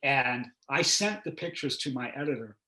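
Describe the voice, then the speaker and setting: An older man hosting a casual conversation, telling stories in a measured, thoughtful way with frequent hesitations. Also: medium pitch, animated, bright, forceful tone, roomy sound. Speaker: host.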